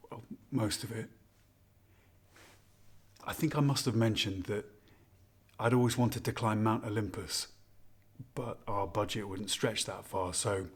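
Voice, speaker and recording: A man's voice: on the low side, slightly rough. An actor performing a scripted monologue as a husband who fondly and ruefully reminisces while toasting his wife on their anniversary. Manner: intimate, confiding, rambling reminiscence. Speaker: narrator of a spoken monologue.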